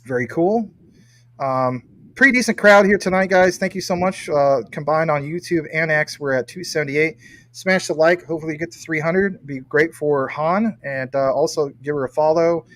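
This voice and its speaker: Joking male livestream host, high voice. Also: normal speed, rough recording. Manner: joking, teasing, playful. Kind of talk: casual livestream chat reading comments.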